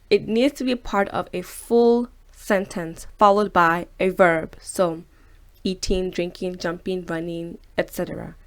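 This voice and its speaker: A woman with a slightly low voice hosts a relaxed video lesson. She pauses on each word and says it twice, slowly, for learners to repeat. Between examples she talks in a loose, chatty way with plenty of fillers. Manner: slows down and repeats each word to model pronunciation. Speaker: language teacher and host.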